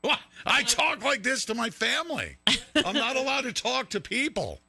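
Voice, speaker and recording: Fiery male host, high and very bright, gravelly, lively pitch swings, loud and mocking, dry close mic. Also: moderate pace, no echo, soft background music. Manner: loud, riffing, mocking and sing-song. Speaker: show host. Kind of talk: fiery live-stream commentary.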